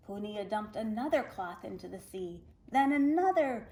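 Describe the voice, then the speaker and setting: A woman reading a folktale aloud to children, expressive and animated. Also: mid-range voice, normal speed, poor audio. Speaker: children's storyteller.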